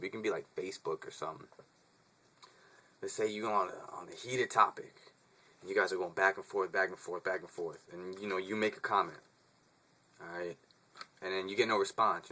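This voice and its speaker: A man's voice: fairly low pitch, bright, forceful tone. A young man vlogging in a casual, laid-back rant, swearing freely, laughing often and calling the listener dude.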